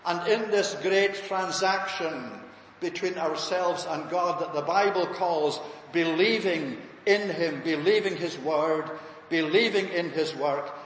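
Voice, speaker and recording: Male preacher, high-pitched and earnest, sermon recorded in a large church with a long echo. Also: a little hiss or hum. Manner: earnest, emphatic, building points by repetition. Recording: echoey hall from far off.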